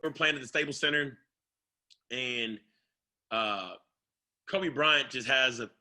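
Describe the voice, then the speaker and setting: A man, a former basketball player, telling a story in a casual interview, animated and playful. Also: medium pitch, slow pace. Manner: animated, playful, acts out what others said.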